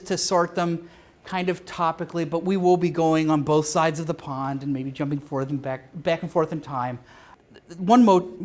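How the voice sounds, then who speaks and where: A man giving a live lecture at a convention, halting often with filler sounds and restarts, and dropping dry, joking asides. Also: on the high side. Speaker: convention speaker.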